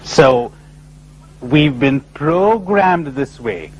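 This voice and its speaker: A man giving a spiritual talk to a live audience, animated and full of rhetorical questions, often acting out other people's replies. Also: mid-range voice, extremely slow, a little hiss or hum, rough recording. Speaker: spiritual speaker. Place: lecture before a live audience.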